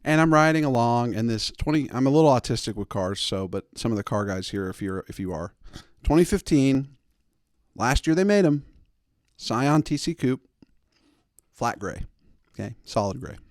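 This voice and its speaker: A man's voice: medium pitch, lively intonation, moderate pace, dry recording, clean studio sound. A man in his thirties hosting a show, telling a long comic story with many rambling asides. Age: 30s. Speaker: host. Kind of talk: comic monologue.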